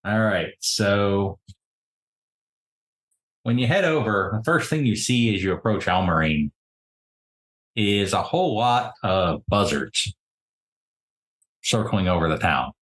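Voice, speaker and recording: A man with a lowish voice narrates as game master of a tabletop game, unhurried and descriptive. His recording carries a roomy echo. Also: expressive, fairly bright tone.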